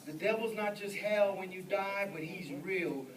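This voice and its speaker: High-voiced, lively preaching man. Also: moderate pace, a little hiss or hum. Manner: animated, breaks into shouts and laughter, acts out voices. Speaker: evangelist. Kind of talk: storytelling sermon. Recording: echoey church sound from a distance.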